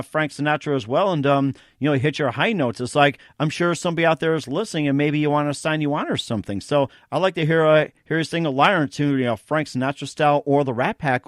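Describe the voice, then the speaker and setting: A man's voice: fairly high pitch, no echo, clean studio sound. Rambling male interview host. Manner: rambling questions padded with fillers. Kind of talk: interview questions.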